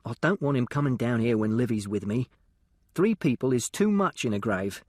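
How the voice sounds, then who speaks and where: A man narrating an audiobook in the first person, speaking in a plain working-class dialect. His pitch moves a lot, and the sound is dry and close to the mic. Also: lively intonation, normal speed, no room sound.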